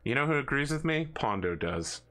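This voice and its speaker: A man running a tabletop game as game master, telling stories in an animated, jokey way. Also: mid-range voice, brisk. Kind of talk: tabletop game narration, casual chat.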